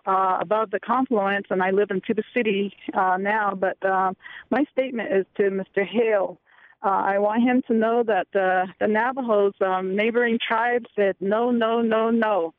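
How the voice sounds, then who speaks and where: A woman's voice: medium pitch, dry recording. Woman reading off a list over a tinny phone line, firm, very dry. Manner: reads a list, firm and repetitive. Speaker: caller. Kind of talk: call-in radio statement.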